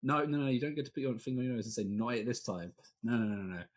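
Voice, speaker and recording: A young man with a husky voice, hosting a tabletop game podcast over a video call and joking in an exasperated way with his players. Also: mid-range voice, racing. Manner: exasperated, joking, swears a lot. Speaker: game master and podcast host.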